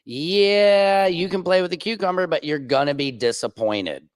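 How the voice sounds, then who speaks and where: A man hosting a livestream and talking in a crude, rambling, profane way, with big swings in pitch. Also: normal speed, no echo, studio quality. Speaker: streamer host. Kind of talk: casual livestream monologue.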